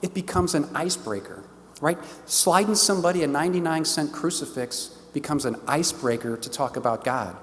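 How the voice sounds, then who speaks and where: A middle-aged man from St. tells stories to a parish audience with animated enthusiasm, and his voice sits a little high for a man. His St. The sound has the long ringing reverb of a church hall. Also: fairly quick. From St. Louis, Missouri. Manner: animated, enthusiastic storyteller who acts out the dialogue. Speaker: diocesan stewardship director giving a parish talk. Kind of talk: storytelling church talk.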